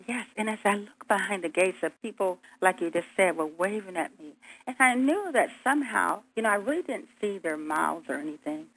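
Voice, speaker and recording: A woman's voice: mid-range voice, expressive, a little fast, fairly bright tone, low-quality recording. A woman guest earnestly recounting a near-death experience, acting out her own pleas as she tells it.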